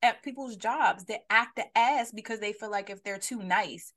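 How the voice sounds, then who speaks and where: A woman's voice: mid-range voice, normal speed, a bit bright. A woman co-hosting a live podcast, talking bluntly and animatedly and putting questions to her listeners over a video call. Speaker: podcast co-host. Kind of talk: casual chat on a live stream.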